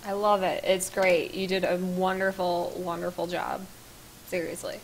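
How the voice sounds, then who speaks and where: A woman's voice: lowish voice, little pitch movement, unhurried, a little hiss or hum. A woman streaming a game live, chatting casually, laughing hard and piling on praise. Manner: giggly, bursts into laughter; effusive, repeats praise.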